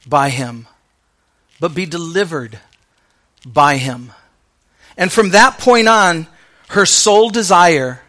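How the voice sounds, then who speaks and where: Bright-voiced male pastor preaching. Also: high-pitched. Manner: conversational preaching with slang asides; drops to soft, quiet delivery on key lines. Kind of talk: sermon.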